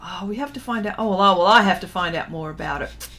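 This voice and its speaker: A woman's voice: mid-range voice, quick pace, pushed and bright. A middle-aged woman hosting a casual art livestream, chatting, reading viewer comments aloud and laughing often. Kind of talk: casual livestream chat while painting.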